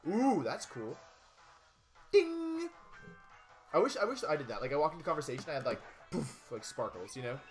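A young man giving casual, chatty commentary while playing a video game, excitable with jokey asides. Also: medium pitch, fast talker, hardly any pauses, soft background music. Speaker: let's play gamer.

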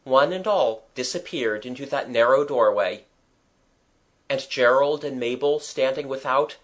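Unhurried and deliberate, a man reads a children's storybook aloud, lingering over each phrase. His storytelling is expressive and measured, with a middling pitch. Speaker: audiobook narrator. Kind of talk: children's audiobook narration.

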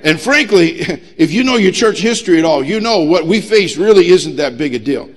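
Man, middle-aged, pastor, sermon, slightly high voice, emphatic, humorous. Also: animated, normal speed. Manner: emphatic preaching with humor and rising intensity. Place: church sanctuary.

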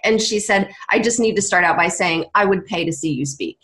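A woman's voice: on the low side, brisk, a bit bright. Woman podcast host, casual and candid, sharing her own experiences. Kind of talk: casual chat.

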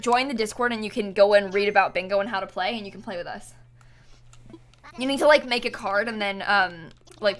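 A young woman with a mid-range, fairly bright voice streams a game, chatting casually. She reads names from chat and thanks viewers, with music playing beneath her voice.

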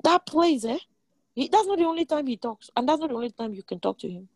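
A woman preaching a sermon, animated and emphatic, repeating lines and jumping in pitch. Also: fast talker, dry recording.

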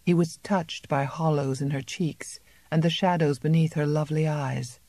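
A woman narrating an unabridged novel as an audiobook in a measured, even storytelling manner. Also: low-pitched, no echo. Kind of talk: scripted narration.

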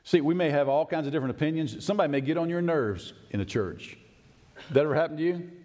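A male pastor preaching a sermon in a folksy, animated way, swinging from excited high bursts to low, quiet emphasis and laughing often. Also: fast talker. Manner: folksy, laughs often, acts out his own past words. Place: church sanctuary. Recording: long reverb of a church sanctuary.

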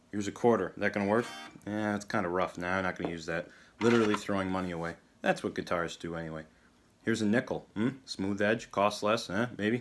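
Man, very low voice, dry, sarcastic, rambling, comedic guitar vlog host. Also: slight background noise. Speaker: video host.

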